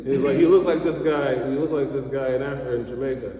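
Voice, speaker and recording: A man's voice: steady tone, dark tone, slight background noise. Guy in his 30s doing standup, cussing a lot, sarcastic, sounds far off in a big echoey room. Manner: profane, sarcastic storytelling with quick pitch jumps. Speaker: stand-up comedian. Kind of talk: stand-up comedy set. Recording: echoey hall, mic far off.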